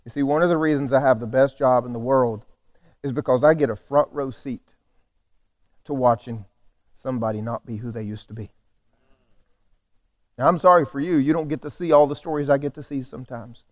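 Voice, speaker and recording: A man's voice: mid-range voice, brisk, long pauses. A male pastor delivering a sermon with emphatic, repetitive phrasing that builds toward calls for the congregation to respond.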